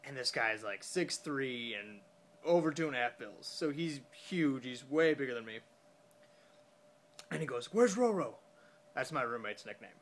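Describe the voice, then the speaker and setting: A young man tells a story into his phone after a few beers, his voice pitched in an ordinary middle register. He rambles and halts, and fills the gaps with fillers and curses. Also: normal speed, fairly bright tone. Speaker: vlogger. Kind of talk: casual storytelling.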